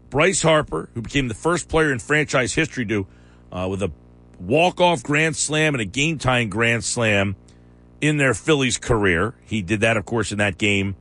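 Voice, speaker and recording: Animated man hosting sports radio. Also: lowish voice. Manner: argumentative, quick to challenge. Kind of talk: casual sports radio talk.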